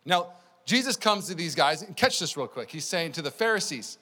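A man preaching a sermon as pastor, conversational and energetic, telling stories to the congregation. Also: a little high, normal speed. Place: church sanctuary. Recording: long church hall reverb.

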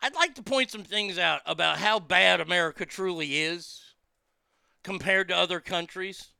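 A man's voice: sits high, moderate pace, gravelly, bright, forceful tone, clear, resonant tone, no room sound, studio quality. A man hosting a commentary show, ranting heatedly with sarcasm and profanity and repeating words when worked up.

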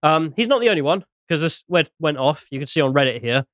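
A man's voice: a little high, animated, fast, fairly bright tone, no echo, clean studio sound. A man hosting a casual podcast chat, laughing often and reading posts aloud. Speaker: podcast host.

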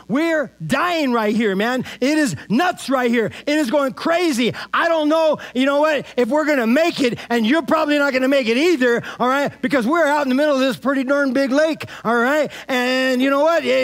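Preacher doing a frantic male disciple in a storm, pleading, rambling, higher than his usual voice. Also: fairly bright tone, exaggerated voice.

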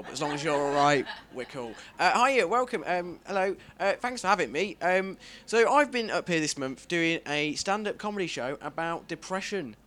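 A man performing a self-deprecating stand-up comedy set on a club stage, swearing freely and jumping into squeaky voices for his bits. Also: bright, forceful tone.

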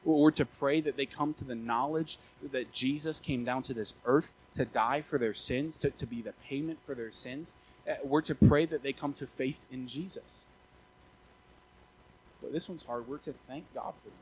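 A young man in his twenties preaching a casual, animated sermon as a pastor, often stammering and restarting his words. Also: mid-range voice, normal speed, slight background noise, low-quality recording. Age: 20s.

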